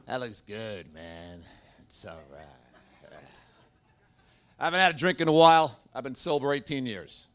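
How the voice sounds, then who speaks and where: A man's voice: mid-range voice, animated, unhurried, pauses often. A middle-aged man doing a stand-up comedy set in a comedy club, working the crowd with brash, joking banter.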